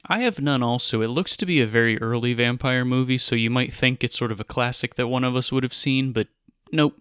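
A man's voice: medium pitch, fairly quick, fairly bright tone, clean tone, dry recording. Easygoing male podcast co-host, dry sound. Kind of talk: casual podcast chat.

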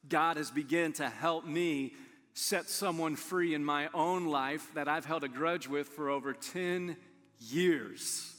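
A man preaching a sermon as pastor, earnest, moving between quick storytelling and soft, hushed emphasis. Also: fairly high pitch, in a large hall. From Illinois, USA.

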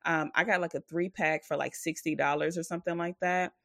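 A woman's voice: low voice, steady tone, fairly quick, vocal fry, a bit bright, no echo, studio quality. A woman co-hosting a podcast in casual chat. She rambles loosely, leans on "like" and "or whatever", and turns blunt and profane when she rants. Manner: rambling, filler-heavy, with frequent "like" and "or whatever". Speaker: podcast co-host.

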